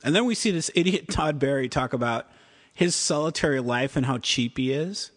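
A man's voice: medium pitch, lively intonation, moderate pace, fairly bright tone. Man, co-host, casual chat, rambling delivery with acted-out quotes, reverberant room. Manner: rambling, acts out quotes, frequent "like". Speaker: podcast co-host. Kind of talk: casual chat reviewing TV episodes.

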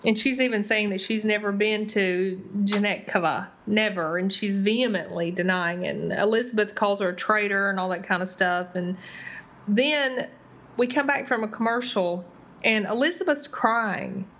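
A woman talks through a TV episode, retelling scenes in detail. Her voice sits at a medium pitch. The recording is a little dull and lo-fi. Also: normal speed, a bit bright. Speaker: podcast co-host. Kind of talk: casual TV recap chat.

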